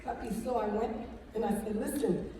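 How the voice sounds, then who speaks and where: A woman giving a church testimony to an audience in a large hall, animated and conversational, often checking in with her listeners. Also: a little high, normal speed. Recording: echoey hall from far off.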